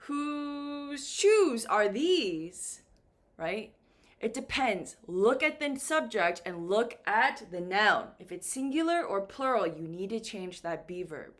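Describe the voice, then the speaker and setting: A woman teaching English to beginners at a deliberate, unhurried pace. Her voice sits a little high and swings widely in pitch as she acts out example questions. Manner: slow and lively, with acted-out example questions. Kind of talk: slow, clear beginner English lesson.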